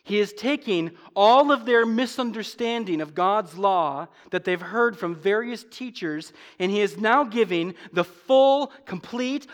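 Man, pastor, sermon, high-pitched, emphatic, dynamic swings in loudness, slow deliberate refrains. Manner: emphatic, swings from loud stresses to low asides; slows down sharply on repeated refrains.

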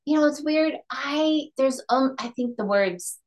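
A woman's voice: high voice, unhurried, a little hiss or hum. A woman co-hosting a podcast in casual chat, talking in a meandering way, full of fillers. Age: adult. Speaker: podcast co-host.

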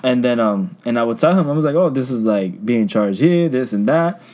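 A young man on a casual podcast, telling profane, animated stories about work and acting out customers. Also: a little fast. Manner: animated, profane, acts out customers in higher voices. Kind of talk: casual storytelling chat.

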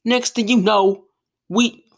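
A young woman hosting a podcast, ranting casually in an exasperated, animated way, full of restarts and fillers. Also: medium pitch, slow pace. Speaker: podcast host.

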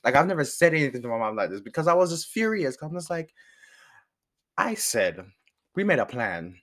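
A man telling a personal story in casual chat, animated and profane, with frequent laughs. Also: fairly high pitch, a little fast.

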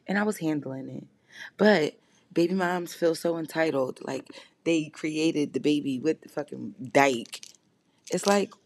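A woman's voice: lowish voice, gravelly, a little mellow, husky, dry recording. A woman hosting her own show, talking in a casual confessional monologue, blunt and profane, jumping from topic to topic. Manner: rambling, jumps from topic to topic. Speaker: podcast host.

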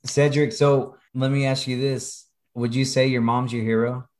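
A man's voice: mid-range voice, flat delivery, moderate pace, darkish tone. A man co-hosting a podcast interview, rambling in a supportive way with many fillers. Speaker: podcast co-host. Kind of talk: casual interview chat.

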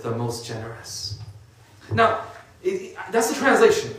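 A man's voice: mid-range voice, sing-song, moderate pace. Echoey man giving a casual sermon. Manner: conversational, uses casual fillers. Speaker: religious speaker. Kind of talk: informal sermon. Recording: echoey room from a distant mic.

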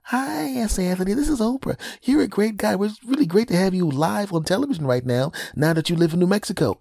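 A man voicing a gushing female TV talk-show host who talks in effusive, flattering bursts. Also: high-pitched, a little fast, vocal fry, no room sound, clean studio sound, pitched above the performer's own voice, full character voice.

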